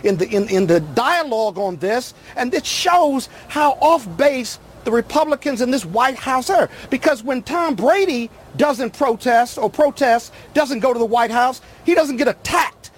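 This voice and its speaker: High-voiced man arguing heatedly. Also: expressive, unhurried, few pauses. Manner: forceful, talks over opponent. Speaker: political commentator. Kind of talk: heated cable news debate.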